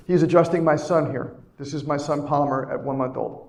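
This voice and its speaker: A man's voice: mid-range voice, fast, vocal fry, hardly any pauses, darkish tone, slight background noise. A middle-aged man, a chiropractor, giving an inspirational keynote speech live at a conference. He talks emphatically, repeating key lines and putting questions to the audience. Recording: echoey hall sound.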